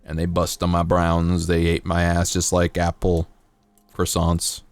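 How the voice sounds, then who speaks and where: A man's voice: monotone, a little slow, soft background music. A man streaming casually while building a model kit, rambling and joking, his throat dry. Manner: rambling, jokey, bursts into silly high voices and singing.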